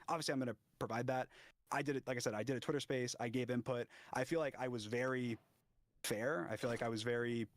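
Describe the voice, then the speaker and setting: A man explaining himself in a livestream discussion, halting and restarting often with many fillers. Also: mid-range voice. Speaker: interview guest.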